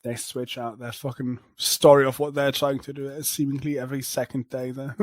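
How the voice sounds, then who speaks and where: A man's voice: mid-range voice, moderate pace, fairly bright tone, no room sound. A man co-hosting a casual podcast, chatting, swearing, laughing and reading news aloud. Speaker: podcast co-host.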